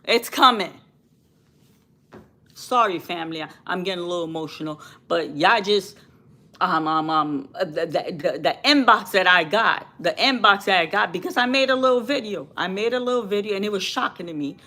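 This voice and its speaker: Fiery, bright-voiced woman channel host. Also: mid-range voice, animated, normal speed. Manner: fiery, preachy, repeats phrases for emphasis. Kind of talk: impassioned commentary to viewers.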